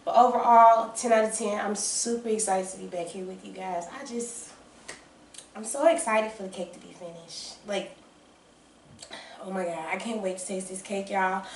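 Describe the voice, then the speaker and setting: A woman with a Southern US accent chatting excitedly and casually while baking in her home kitchen, calling her viewers y'all and baby. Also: mid-range voice, moderate pace, recorded from a distance. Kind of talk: casual chat to camera. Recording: roomy kitchen sound, off-mic.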